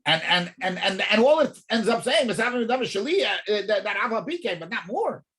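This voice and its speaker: Animated rabbi teaching Talmud, lively pitch. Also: male voice, a little fast. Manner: animated, repeats words while thinking, poses rhetorical questions. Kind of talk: in-depth Torah class.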